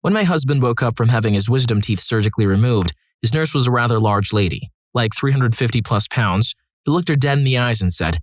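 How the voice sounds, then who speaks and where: A man reading out a string of short stories with a wry, dry sense of humor. His voice sits in an ordinary middle pitch, and the recording is close and dry with no room sound. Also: animated, fairly quick, no echo. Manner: dry, wry asides between read stories. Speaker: story narrator. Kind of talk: scripted storytelling narration.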